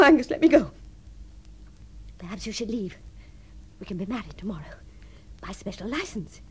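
An actress playing a lonely deluded genteel spinster. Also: female voice, medium pitch, slight background noise, close to an everyday voice. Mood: dreamy, coy. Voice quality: refined, swings between breathy tenderness and giddy excitement. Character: deluded lonely upper-class spinster dreaming of marriage. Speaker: the Princess. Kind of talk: radio drama acting.

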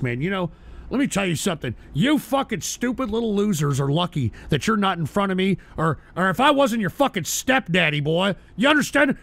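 A man hosting a livestream, reading viewer donations and swearing at his chat, often shouting angrily. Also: high-pitched, sing-song, brisk, vocal fry. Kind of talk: profane livestream rant.

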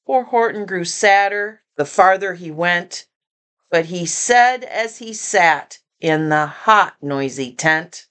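Slow, lively grandma storyteller. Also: female voice, fairly low pitch. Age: older. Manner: gentle, chatty asides to young listeners. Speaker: storybook reader. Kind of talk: reading a picture book aloud with asides.

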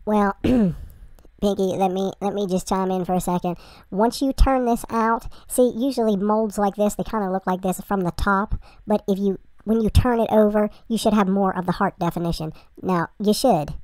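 A woman's voice: medium pitch, normal speed, a little mellow, no room sound. A woman hosting a reaction video, chatting bluntly and rambling through asides. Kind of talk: casual reaction commentary.

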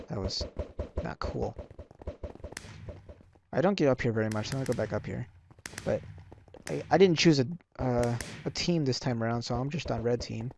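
A man giving rambling live commentary over his own gameplay, reacting loudly and quickly with mild exclamations. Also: mid-range voice, vocal fry, a little hiss or hum. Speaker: gaming channel host.

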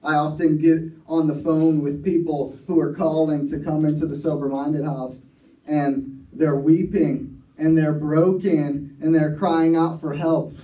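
A man's voice: fairly high pitch, flat delivery, measured pace, mellow. A man preaching a sermon at a recovery ministry, telling a story earnestly and often restarting his sentences. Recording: echoey room, mic far off.

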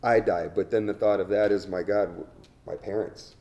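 A middle-aged man, an interview guest, telling his story candidly in a halting way, restarting his sentences often. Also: fairly low pitch, fairly even intonation, mellow, dull audio.

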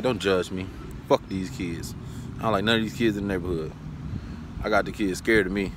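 A man vlogging outdoors in his neighborhood, brash and joking, cursing freely and calling out loudly to the kids nearby. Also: fairly low pitch. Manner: brash, joking, loud with frequent laughs. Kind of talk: casual profane street vlog commentary. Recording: noisy outdoor street recording.

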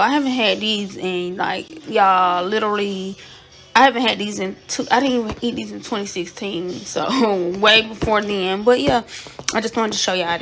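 A pregnant woman in her thirties with an Atlanta Southern accent, out of breath and in pain, talking low and half-whispered to her vlog viewers at home. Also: gravelly, a bit bright, slight background noise. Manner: chatty, addresses viewers as y'all. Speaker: vlogger. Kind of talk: casual vlog talk to camera. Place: home, upstairs bedroom and closet.

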